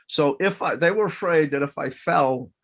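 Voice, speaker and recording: Older man, Boston-area native, lively storyteller who plays out every voice, voice sits a bit high. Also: normal speed. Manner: animated, acts out dialogue in voices. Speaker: interview guest. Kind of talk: personal storytelling.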